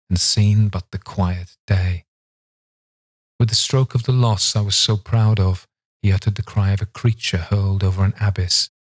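A man, a podcast host, giving a measured, dramatic audiobook reading of a classic novella. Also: low voice, slightly rough, no room sound. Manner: measured, dramatic reading that slows for tense passages.

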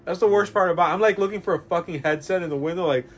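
Profane, animated man telling stories. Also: high voice, racing. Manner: profane, animated storyteller doing voices. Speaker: podcast host. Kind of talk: casual chat. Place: comic shop.

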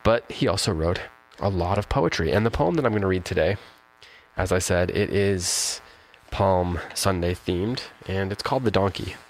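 A poetry podcast host with a low voice talks casually and thoughtfully about a poem at a moderate pace, full of fillers and restarts, and reads it aloud slowly. The recording is rough.

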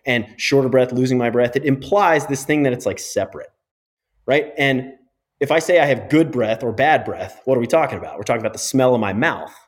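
A man's voice: medium pitch, brisk. Middle-aged male physio guest, emphatic explainer, interview podcast.

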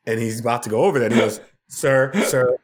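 A man, a television producer and podcast guest, telling stories in a casual, animated way and laughing often. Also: mid-range voice, racing, a little hiss or hum. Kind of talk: casual storytelling.

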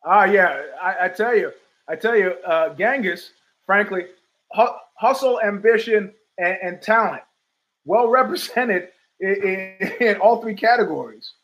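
A man's voice: sits high, unhurried, a bit bright, rough recording. A man hosting his own talk show, telling rambling stories with voiced quotes and frequent laughs. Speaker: podcast host. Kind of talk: rambling casual monologue.

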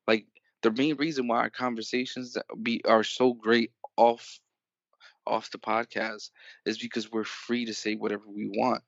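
A man's voice: on the low side, vocal fry, no room sound, highs cut off. A man co-hosting a small podcast, talking hesitantly with stumbling restarts and the odd swear word. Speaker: podcast co-host. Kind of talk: casual podcast chat.

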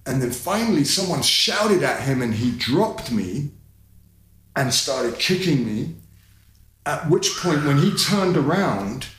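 A man, a guest telling a personal story in conversation, animated and candid, his voice climbing in the tense parts, with fillers and swearing. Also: fairly high pitch, takes it slowly, echoey room, a little hiss or hum, low-quality recording. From London, England.

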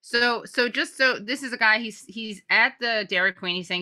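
A woman's voice: mid-range voice, brisk, bright, forceful tone. Blunt, profane woman chatting. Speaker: co-host. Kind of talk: casual commentary chat.

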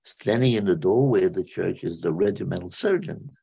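Gravelly-voiced man in his nineties. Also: sits low, expressive, mellow. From United States. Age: 90s. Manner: halting, rambling, repeats words as he recalls. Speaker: war veteran interviewee. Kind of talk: spoken personal storytelling. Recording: dull lo-fi sound.

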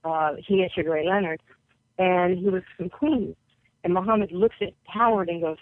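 A woman's voice: lowish voice, moderate pace, dry recording. Woman, from New York, basketball coach, guest storyteller, acts out quotes, tinny phone line, dry. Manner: vivid storyteller who acts out quoted voices. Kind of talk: personal storytelling in an interview.

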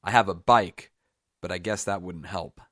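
A man voicing a loud, childlike young man. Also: low-pitched, moderate pace, dry recording, clean studio sound. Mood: insistent. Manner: loud, eager, childlike insistence. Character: simple-minded young man ruled by his mother.

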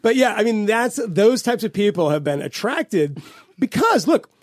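A man co-hosting a political podcast, talking in an animated, rambling way with lots of swearing and restarts. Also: sits high, a little slow, dry recording, studio quality. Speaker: podcast co-host. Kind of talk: casual political chat.

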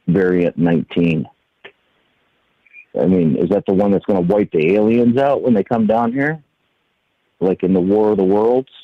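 Low-voiced man on a tinny phone line. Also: no echo. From New York. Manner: musing, searching for words. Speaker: caller.

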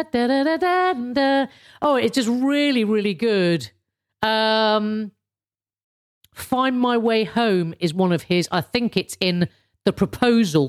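A woman in her fifties hosting a casual solo podcast, chatty and rambling, with lots of restarts and swearing. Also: mid-range voice. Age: 50s. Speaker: podcast host.

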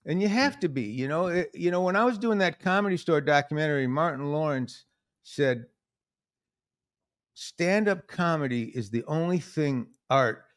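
A man hosting a podcast, chatting casually and telling animated stories, acting out the lines of the people he quotes. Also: fairly high pitch, moderate pace. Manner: animated storyteller, acts out quotes in other voices. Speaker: podcast host. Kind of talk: casual conversation.

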